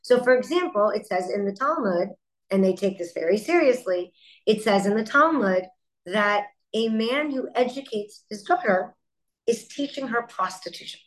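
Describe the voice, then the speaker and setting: A middle-aged woman, a company founder, speaking as a guest in an interview and telling stories in an animated way with quick asides. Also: mid-range voice, rough recording. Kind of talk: interview conversation.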